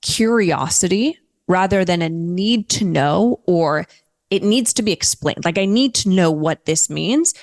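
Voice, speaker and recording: A woman speaking as a podcast guest, candid and lively, slipping in a casual swear now and then. Her voice sits a little low for a woman. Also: measured pace. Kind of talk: casual interview talk.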